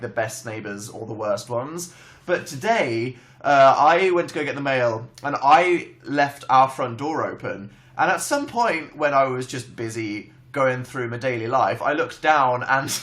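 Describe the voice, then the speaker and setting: A young Englishman chats casually on a livestream from home, his pitch leaping all over the place. His bright, forceful voice suits his dramatic, self-mocking storytelling. He talks as if he is with friends. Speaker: livestream host. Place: home, indoors.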